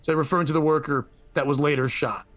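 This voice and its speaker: Animated man riffing on news. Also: fairly high pitch, quick pace, dry recording, faint music behind. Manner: animated storytelling, swearing. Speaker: podcast host. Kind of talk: comedic news commentary.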